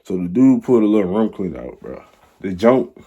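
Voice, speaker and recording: A man's voice: fairly low pitch, very animated, brisk, mellow, slightly rough, highs cut off. A young man telling a rambling, slang-filled story in a casual storytime vlog. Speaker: vlogger.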